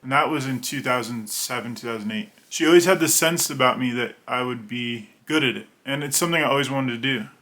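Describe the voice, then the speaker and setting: A man's voice: mid-range voice, fairly quick, few pauses, sharp tone. A man in his thirties, a children's book illustrator, telling a rambling personal story to camera in a conversational way and acting out the voices in his anecdotes. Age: 30s.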